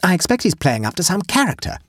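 Arch young socialite, voiced by a male reader, high-ish and husky. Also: big pitch swings, fast talker, a bit bright, dry recording, studio quality, full character voice. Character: knowing young society woman.

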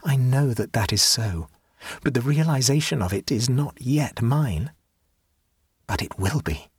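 A man's voice: medium pitch, lively intonation, unhurried, breathy edge, no echo, clean studio sound, full character voice. A man reading the part of a serene, rapturous young man who talks with ecstatic, preaching fervor. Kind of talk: audiobook character reading.

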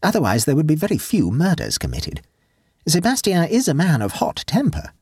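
A man voicing Egbert, an earnest, fussy young English gentleman who speaks in a raised, excitable voice. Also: normal speed, slightly rough, no echo, studio quality, full character voice. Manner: earnest, excitable, pitch rising.

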